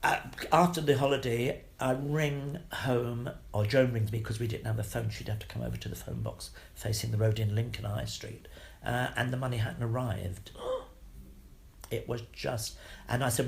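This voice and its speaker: An older man, an actor being interviewed, telling anecdotes in a lively, salty way and acting out the voices of the people in his stories. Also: medium pitch, a little slow, gravelly. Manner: animated, salty, acts out quoted voices. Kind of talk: anecdotal storytelling.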